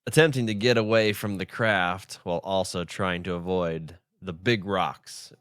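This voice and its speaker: Deep-voiced dude cohosting a podcast, talks slow, dry close mic, crude laid-back jokes. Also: male voice, steady tone, a bit bright, smooth, no room sound. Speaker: podcast co-host. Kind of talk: casual storytelling chat.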